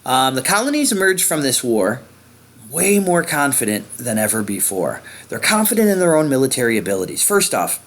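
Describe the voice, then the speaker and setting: A man's voice: medium pitch, very animated, a little fast. A man teaching a history lesson in a conversational way, with frequent fillers while he points at a map. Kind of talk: informal lecture.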